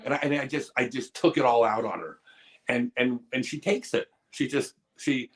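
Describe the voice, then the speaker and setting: Hosting a live stream, this man speaks at medium pitch and a moderate pace. His answers to viewers are frank and sincere, relaxed in tone, with occasional jokes and playful teasing.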